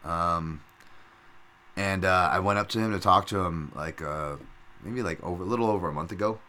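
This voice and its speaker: A man's voice: sits low, moderate pace, bright, forceful tone. A middle-aged man hosting a casual solo podcast, rambling and swearing freely with lots of fillers and restarts. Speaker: podcast host.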